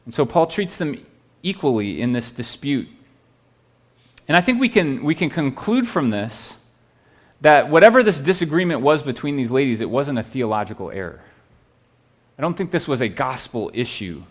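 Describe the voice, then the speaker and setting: A pastor preaches earnestly, almost pleading, in a middle-pitched voice with big pitch swings at a normal speed. He frequently restarts phrases and asks listeners "right?" to check in.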